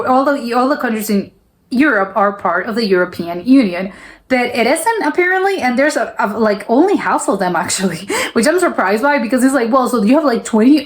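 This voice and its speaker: A young woman from South America hosting a reaction video, chatting in a loose, animated way and restarting her sentences often with many fillers. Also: a little high. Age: young adult. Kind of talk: casual chat reacting to a video.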